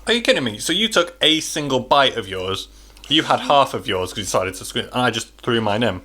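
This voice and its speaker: A man's voice: mid-range voice, big pitch swings, brisk, pushed and bright. A young man co-hosting a casual chat podcast, playful and teasing. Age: young adult. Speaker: podcast co-host.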